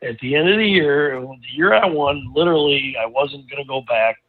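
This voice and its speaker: A man's voice: mid-range voice, moderate pace. A man guest in a casual interview, telling a long story with lots of restarts and asides. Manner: rambling, animated storyteller with many restarts. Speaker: racing driver guest. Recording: tinny phone-like line.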